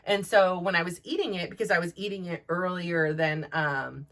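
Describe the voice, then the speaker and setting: A woman's voice: fairly low pitch, moderate pace, fairly bright tone. A woman in her forties hosting a podcast, talking candidly and rambling with many restarts. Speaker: podcast host. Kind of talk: candid personal monologue.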